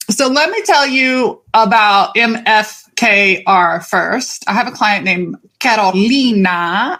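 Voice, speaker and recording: A woman with a drawl hosts a casual podcast monologue. She talks with lively energy and chatty asides, and drops swear words freely. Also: mid-range voice. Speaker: podcast host and life coach.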